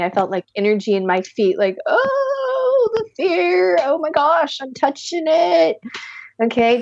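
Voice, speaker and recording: A woman leads a guided tapping session at a medium pitch. She gives calm, step-by-step instructions and sighs deeply between phrases. The recording is slightly dull and lo-fi, with a dry, close sound. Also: no echo. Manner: calm step-by-step instructions, leading group repetition. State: deep audible sighs and yawns between phrases. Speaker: tapping practitioner.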